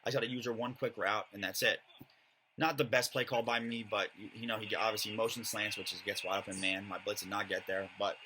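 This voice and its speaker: A man's voice: lowish voice, steady tone, a little fast, bright, forceful tone, slight background noise, low-quality recording. A young man giving a casual, rambling voice-over commentary on his own match, with many fillers.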